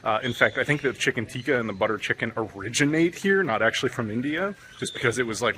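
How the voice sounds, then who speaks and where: A man's voice: mid-range voice, animated, quick pace, sharp tone, a little hiss or hum. A man from the United States casually vlogging outdoors on town streets, chatty and joking with lots of fillers. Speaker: travel vlogger. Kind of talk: casual walking vlog.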